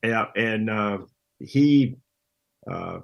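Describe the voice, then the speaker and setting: Low-voiced, plain-spoken middle-aged guest, man. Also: vocal fry, highs cut off. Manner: relaxed, plain-spoken, halting restarts. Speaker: guest, pro angler. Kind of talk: casual interview chat.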